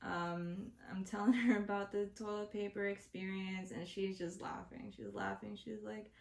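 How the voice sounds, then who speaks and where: A woman's voice: medium pitch, fairly even intonation, normal speed, creaky, a little mellow. A woman hosting her own show, delivering an exasperated, profane comedic rant to the camera. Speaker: host. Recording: roomy echo.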